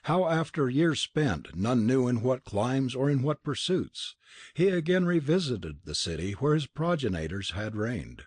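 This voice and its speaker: A man voicing a grave, prophetic sage from the East with a deep, sweet, foreign-accented voice and solemn archaic speech. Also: expressive, unhurried, darkish tone, breathy edge, dry recording. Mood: warning. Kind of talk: audiobook character reading.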